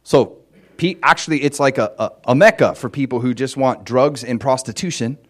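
Guy preaching, chatty and animated, lots of "like" and "you know", gets loud and high when he makes a point. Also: moderate pace. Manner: animated storytelling, chatty fillers, swings loud and high for emphasis. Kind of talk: sermon.

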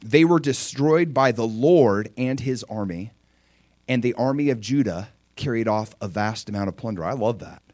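A man preaching a sermon, lively, acting out prayers and quotes. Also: medium pitch, moderate pace, no echo, studio quality. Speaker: pastor.

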